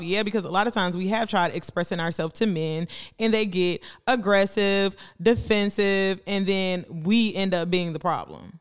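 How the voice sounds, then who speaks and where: Blunt, profane woman with a smooth voice. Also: fairly low pitch, normal speed, few pauses. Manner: blunt, profane, acts out quoted dialogue. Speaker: podcast co-host. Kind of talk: casual chat.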